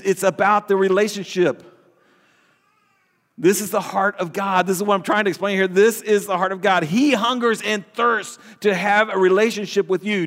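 Pastor guy preaching, kinda high voice, lots of restarts and questions to the crowd, long church reverb. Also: fairly bright tone. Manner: conversational, repeats words and restarts, asks the congregation questions. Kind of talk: sermon.

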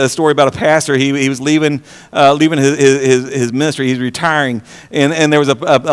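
Preacher, man, fervent sermon delivery with stammered repeats, slightly raised pitch, echoing church acoustics. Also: clear, resonant tone. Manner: impassioned, repeats words, swings from loud to hushed. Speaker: pastor.

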